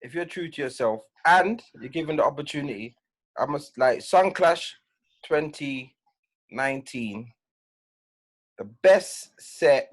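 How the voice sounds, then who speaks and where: Animated voice giving firm advice. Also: male voice, medium pitch. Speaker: DJ guest. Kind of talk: casual podcast chat.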